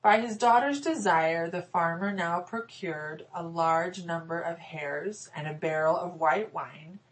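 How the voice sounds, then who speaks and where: A woman narrating a fairy-tale audiobook in a measured storytelling manner. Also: lowish voice, slight background noise, poor audio. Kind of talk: scripted narration.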